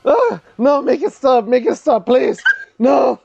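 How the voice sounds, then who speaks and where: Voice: high voice, expressive, a little slow, gravelly, darkish tone, slightly rough, dry recording, muffled recording, pitched above the performer's own voice, exaggerated voice. A game master voicing a goblin who is disgusted by humans, groaning and pleading. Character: squeamish disgusted goblin, easily grossed out.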